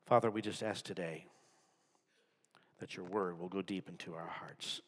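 A man preaching a sermon to a congregation, dropping to hushed whispers and rising to loud, emphatic passages. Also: sits low, steady tone, moderate pace, breathy edge. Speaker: pastor. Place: large church with balcony. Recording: long hall reverb.

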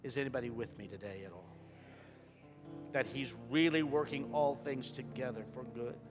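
A man preaching a sermon as pastor, shifting from quiet talk into sudden loud impassioned rises. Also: medium pitch, normal speed, music in the background. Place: church sanctuary.

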